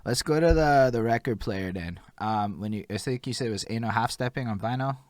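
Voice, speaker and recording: A man's voice: medium pitch, fairly quick, dry recording. A man hosting a streamed interview, chatty and eager, reacting to the guest and to his live chat. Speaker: host. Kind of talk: casual interview talk.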